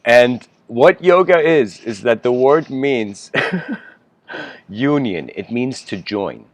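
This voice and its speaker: A man at an ordinary mid pitch gives a casual spiritual lecture, wandering between ideas with throat clearing and small laughs. The sound is close and dry, with no room around it. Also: lively intonation, takes it slowly, dry recording.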